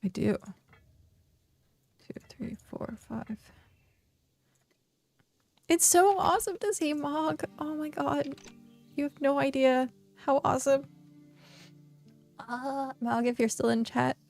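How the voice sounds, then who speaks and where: A woman's voice: high voice, fairly even intonation, unhurried, gravelly, pauses often, a little mellow, soft background music. A woman streaming a game, chatting casually, talking to herself and reading chat aloud. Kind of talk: casual live-stream chat while gaming.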